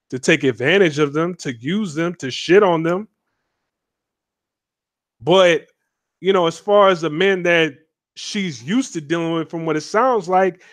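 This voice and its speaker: A man's voice: fairly high pitch, a bit bright, no echo. A man speaking as a guest on a livestream, talking bluntly and rambling with fillers and restarts. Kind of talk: casual livestream commentary.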